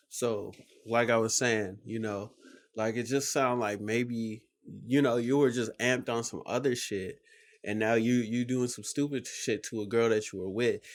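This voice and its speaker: A man hosting a reaction video, talking casually and rambling with lots of fillers. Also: mid-range voice. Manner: rambling, full of "like" and "you know". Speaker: reaction channel host.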